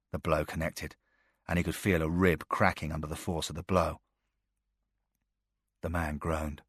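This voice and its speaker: A man narrating a thriller audiobook with a steady, measured delivery. His voice sits very low, and the recording is dry and close with no room sound. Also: no echo.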